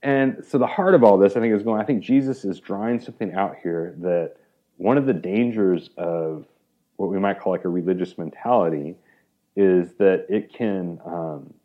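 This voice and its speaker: A man with a fairly low voice talks as a guest in a relaxed interview. He tells the story with energy, slipping into the voices of the people he quotes and filling his speech with "like". The recording sounds dull and lo-fi. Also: normal speed. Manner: animated storyteller, acts out quoted speech, many "like"s. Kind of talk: conversational interview explaining a parable.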